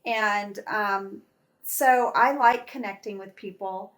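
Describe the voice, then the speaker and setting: A middle-aged woman and actress chatting as an interview guest, telling stories in a bubbly, animated way. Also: mid-range voice, slow pace. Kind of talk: casual interview chat.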